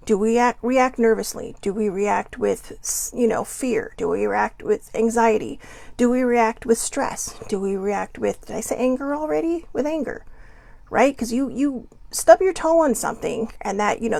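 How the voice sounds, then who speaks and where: A woman hosts her show in a relaxed, chatty way, poking fun at herself and throwing rhetorical questions at the listener. Her fairly high voice has a gravelly fry to it. The sound is dry and close. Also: no echo. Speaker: host. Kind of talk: casual motivational talk.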